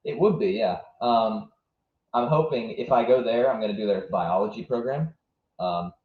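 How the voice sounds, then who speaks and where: A man's voice: fairly low pitch, moderate pace. A young man streaming live, chatting casually with his viewers and hesitating often. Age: young adult. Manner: hesitant, lots of ums and restarts. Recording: roomy, dull lo-fi sound.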